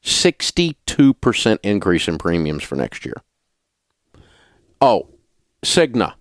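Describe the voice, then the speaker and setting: A man's voice: low-pitched, sing-song, takes it slowly, dry recording, clean studio sound. A middle-aged man hosting a talk radio show, ranting in an indignant, sarcastic way. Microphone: studio mic.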